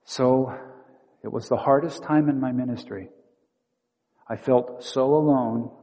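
Pastor preaching in a reverberant hall. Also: male voice, mid-range voice, steady tone, measured pace. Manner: storytelling, acting out inner dialogue with shifting loudness. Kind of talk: sermon.

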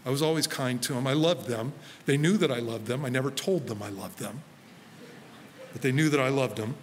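A man, a pastor, preaching a sermon to a congregation in a relaxed, conversational way, telling stories from his own life and quoting himself. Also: medium pitch, fairly quick, big-room sound, slight background noise. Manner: conversational, storytelling with self-quoted asides. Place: church sanctuary before a congregation.

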